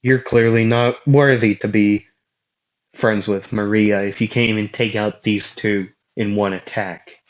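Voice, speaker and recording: A man's voice: on the low side, steady tone, measured pace, dull audio, close to an everyday voice. A man doing a sneering arrogant young man.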